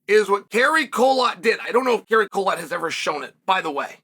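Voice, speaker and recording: A man's voice: very high voice, pushed and bright. A middle-aged man hosting a commentary monologue for viewers, emphatic, repeating words and asking rhetorical questions. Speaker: host and former fighter.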